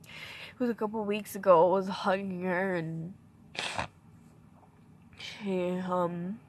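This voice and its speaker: A young woman talking to her own camera in a personal vlog, grieving, soft-spoken and halting, her sentences often trailing off. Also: lowish voice, steady tone, a little hiss or hum. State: grieving, emotional. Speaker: vlogger. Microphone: self-filmed on camera.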